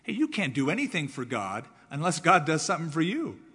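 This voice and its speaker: A man preaching a sermon as pastor, driving points home with repeated words and swings between loud and soft. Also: fairly high pitch, huge pitch swings, fairly quick, breathy edge, long reverb tail.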